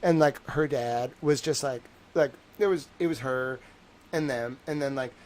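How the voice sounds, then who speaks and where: A man's voice: medium pitch, a little slow, a little mellow, a little hiss or hum. A young man hosting a livestream, rambling in casual chat with lots of fillers and wry laughs. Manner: meandering, lots of "like" and "I don't know"; wry, laughs between stories. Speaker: livestream host.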